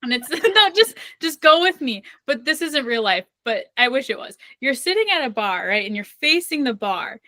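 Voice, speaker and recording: A woman's voice: high voice, big pitch swings, moderate pace, hardly any pauses, pushed and bright, no echo. A young woman co-hosting a book podcast in casual chat, playful and chatty, spinning imagined scenarios with lots of "like" fillers. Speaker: podcast co-host. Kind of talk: casual chat about books.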